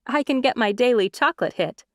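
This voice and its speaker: A woman putting on a bubbly young woman full of cheer, pitched well above the narration and eager. the sound is dry and close, like an audiobook booth. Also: animated, fairly quick, no echo. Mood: cheerful.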